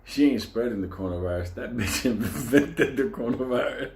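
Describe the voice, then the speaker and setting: A man from Puerto Rico spins a profane, comic story, cursing freely and breaking into laughter again and again. His voice sits in an ordinary middle pitch for a man. The recording has a roomy echo with faint ambience underneath. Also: animated, fairly quick, darkish tone, slight background noise. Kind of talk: casual comedic storytelling.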